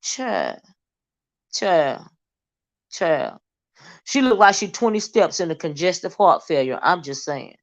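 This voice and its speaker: A woman's voice: fairly low pitch, lively intonation, takes it slowly, pauses often. A woman hosting a casual livestream with sassy gossip commentary, reading chat comments aloud and drawing out asides of "child". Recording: dull lo-fi stream audio.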